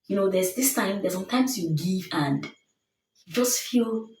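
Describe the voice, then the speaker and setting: A woman's voice: medium pitch, lively intonation, normal speed, darkish tone, a little hiss or hum. A woman giving a motivational self-help talk, earnest and emphatic, hammering her points home with repeated phrases. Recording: roomy sound, distant mic.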